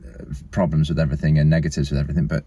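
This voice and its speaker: A man's voice: a bass voice, little pitch movement, very fast, mellow, slightly rough, dry recording. A man chatting casually as a guest, telling stories in a rambling, laid-back way. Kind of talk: casual chat.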